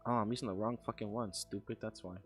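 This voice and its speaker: A man's voice: fairly low pitch, steady tone, soft background music. A man casually telling a ghost story while streaming, swearing often and stumbling into restarts. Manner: profane, halting, many stammered restarts.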